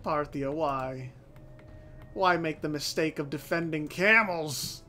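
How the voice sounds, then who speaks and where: A man giving casual, unscripted let's-play commentary as the channel host, swearing freely, thinking out loud and often restarting his sentences. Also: a little high, slow pace. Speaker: host of a strategy game channel. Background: faint background music.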